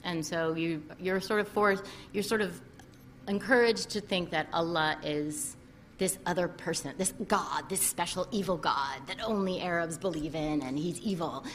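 A woman author answering an audience question in a relaxed, thoughtful way, with many fillers and restarts. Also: on the low side, normal speed, a little hiss or hum. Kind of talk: conversational Q&A answer.

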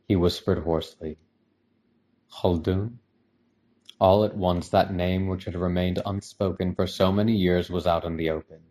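A man narrating a novel in a measured, even audiobook reading. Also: deep voice.

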